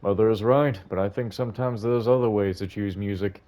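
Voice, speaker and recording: A man voicing a kindly, gentle older man in a record store scene of a video game. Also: lowish voice, fairly even intonation, lightly acted. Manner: gentle and unhurried.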